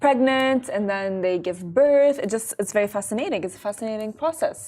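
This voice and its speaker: A woman co-hosting a talk show, chatting animatedly and halting with restarts as she gets heated. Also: on the high side, darkish tone. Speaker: co-host. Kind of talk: casual talk show chat.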